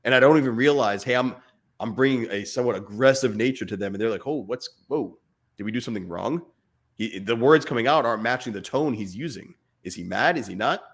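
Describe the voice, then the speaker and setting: A man in his thirties co-hosts a podcast, chatting casually about fatherhood in a fast, medium-pitched voice. He's earnest, speaks in bursts, and imitates a barking dad voice.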